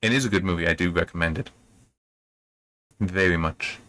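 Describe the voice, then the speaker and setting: Male reviewer, lowish voice, loose rambling delivery, dry close sound. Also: normal speed, pushed and bright, dry recording. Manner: rambling, thinking aloud. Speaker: book reviewer. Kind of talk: casual commentary.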